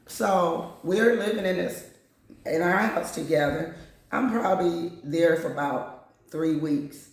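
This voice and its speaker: A woman's voice: on the low side, unhurried. A woman recounts her own story with blunt candor, slipping into other people's voices as she goes. She talks casually and plainly, straight to the listener. Her voice rings around a very echoey room. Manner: candid, blunt, acts out other people's lines. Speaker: channel host.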